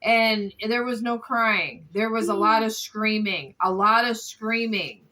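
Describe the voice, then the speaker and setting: Woman tarot reader, bright and a bit high, casual, exasperated, swears freely. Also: unhurried, rough recording. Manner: exasperated, scolds between readings. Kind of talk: casual tarot reading video.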